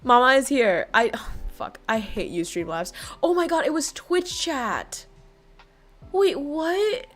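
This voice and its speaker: A woman livestreamer chatting casually with her viewers, excitable, laughing often and swearing freely. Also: high-pitched, takes it slowly, faint music behind.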